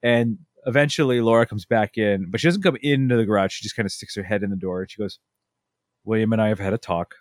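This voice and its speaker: A man in his thirties co-hosts a relaxed chat, his voice sitting low and recorded close and dry. He tells family stories with energy, jumping into quoted voices along the way. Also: fast talker, dry recording. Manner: animated storytelling, acting out his family's lines. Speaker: podcast co-host. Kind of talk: casual chat.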